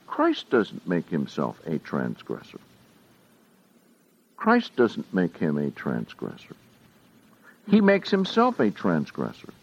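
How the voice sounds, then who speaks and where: A man teaching a Bible study verse by verse, often putting questions to his listeners. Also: fairly high pitch. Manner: slow and questioning, asks the audience often. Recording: dull lo-fi recording.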